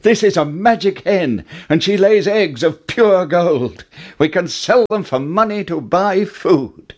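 A man voicing an eager young boy in a storybook reading, raising his voice high with excitement. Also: measured pace. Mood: excited.

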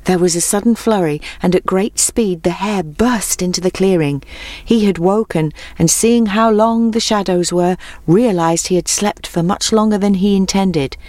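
A woman reading a children's storybook aloud in a measured, expressive way. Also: medium pitch, dry recording.

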